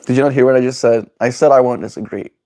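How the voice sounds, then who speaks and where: Mellow-voiced man chatting on a stream. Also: medium pitch, fairly even intonation, quick pace. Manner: rambling and playful, reading chat aloud. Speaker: daily streamer. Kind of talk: casual livestream chat.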